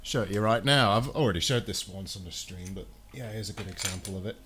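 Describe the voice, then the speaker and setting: A man's voice: on the low side, quick pace, fairly bright tone. A man with a regional British accent chatting casually on a live stream, talking himself through fiddly work as he goes. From United Kingdom. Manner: chatty, mutters coaxingly to himself while working. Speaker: streamer doing console repairs.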